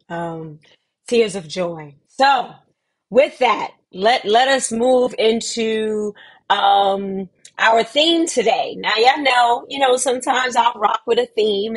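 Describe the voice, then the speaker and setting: A middle-aged woman, hosting a casual community livestream, speaking warmly and reading viewers' comments aloud with drawn-out emphasis. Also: husky. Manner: warm, affectionate, reads viewer comments aloud; slow, drawn-out emphasis with lively pitch lifts. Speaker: host of a weekly community livestream.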